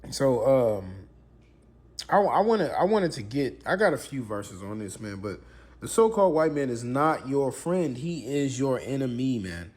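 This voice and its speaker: A man's voice: medium pitch, big pitch swings, measured pace, darkish tone, slightly rough. A man giving a preaching commentary with scripture reading, emphatic and repetitive, firing off rhetorical questions. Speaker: religious commentator.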